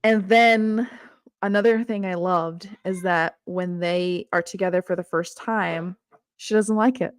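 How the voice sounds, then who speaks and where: A woman co-hosting a casual book discussion, animated, laughing often and acting out the characters' lines. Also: fairly low pitch, unhurried, clean tone, no room sound, clean studio sound. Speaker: book club co-host.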